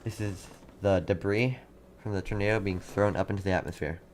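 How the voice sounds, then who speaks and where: Man, lowish voice, live weather stream host, urgent, repetitive, reads chat, desk mic, faint typing behind. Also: steady tone, fairly quick, a little hiss or hum. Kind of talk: live severe weather commentary.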